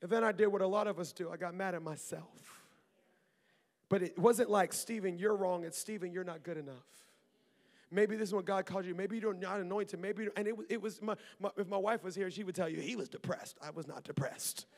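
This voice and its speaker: A man preaching a sermon as pastor, lively and talkative, with asides to the congregation and laughter. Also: sits high, a little fast, in a large hall. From Maryland. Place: church auditorium.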